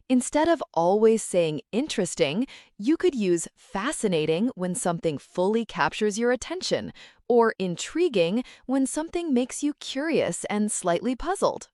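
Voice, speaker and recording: A woman narrating a scripted English lesson, speaking model phrases slowly and carefully for the listener to repeat. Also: medium pitch, a little mellow, dry recording, studio quality. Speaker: English teacher.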